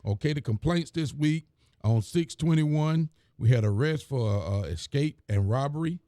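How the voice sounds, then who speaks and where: A man's voice: on the high side, lively intonation, moderate pace, warm tone, no echo, clean studio sound. A man, a county sheriff, reading the week's reports and talking in a plain, folksy way on a live stream. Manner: plain, folksy, repeats phrases.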